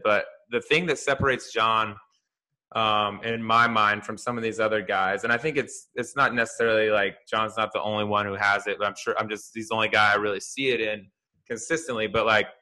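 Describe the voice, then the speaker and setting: A man co-hosting a sports podcast, telling stories in a loose, animated way with plenty of restarts and fillers. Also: lowish voice, a little fast, rough recording. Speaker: podcast co-host, golf fantasy analyst. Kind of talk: casual podcast chat.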